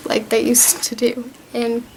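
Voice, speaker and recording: A woman's voice: fairly high pitch, completely flat delivery, a little slow, a little mellow, a little hiss or hum, rough recording. A young woman vlogger casually recapping a TV season, rambling and gushing as she retells scenes.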